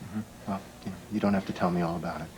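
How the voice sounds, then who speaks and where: An actor playing a gentle saxophonist lover who asks probing questions. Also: male voice, sits low, flat delivery, very fast, noisy background, close to an everyday voice.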